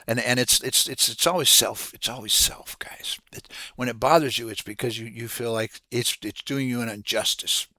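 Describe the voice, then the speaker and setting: A man giving an earnest, casual devotional talk, halting and restarting as he repeats words. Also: medium pitch, pushed and bright, no echo. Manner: earnest, preacherly. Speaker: host of a Christian devotional channel.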